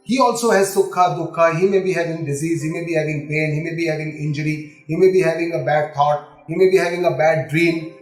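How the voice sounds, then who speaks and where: A middle-aged man with an Indian English accent, giving a calm lecture on scripture and repeating key terms as he explains them. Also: on the high side, brisk, roomy sound, faint music behind, rough recording. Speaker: spiritual teacher.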